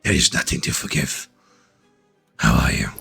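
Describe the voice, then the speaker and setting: Kindly old paladin mentor, low-pitched and gentle, played by a man. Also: faint music behind, natural voice. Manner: slow, kindly, calls her little one.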